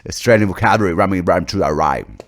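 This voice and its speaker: A man rambles through a comic podcast monologue, swearing freely and poking fun at himself. His low voice is gravelly and rises and falls in lively swings. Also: racing. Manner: profane, rambling, self-mocking. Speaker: podcast host. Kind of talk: comedic monologue.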